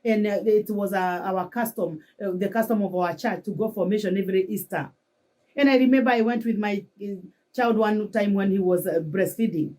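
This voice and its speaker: A woman pastor with a Kenyan accent delivering a fervent sermon, switching between English and local languages and rising to shouts for emphasis. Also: medium pitch, moderate pace, far from the mic.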